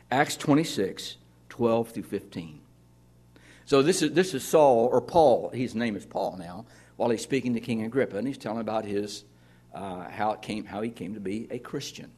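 Male preacher, husky voice, talky sermon, swings from loud to hushed. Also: medium pitch. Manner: conversational preaching, dropping to near-whispers. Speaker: pastor. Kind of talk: sermon to a congregation.

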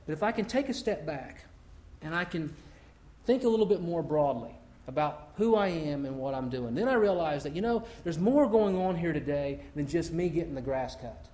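A man's voice: on the high side, lively intonation, normal speed, dark tone. A middle-aged man preaching a conversational sermon to his congregation, often repeating and restarting words as he goes. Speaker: pastor.

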